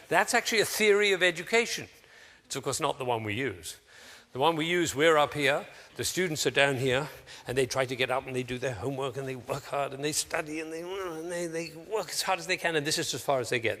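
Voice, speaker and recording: A man addresses an audience of teachers in a theatrical, animated way, voicing the people he quotes in sudden high voices. The recording has a long reverb tail.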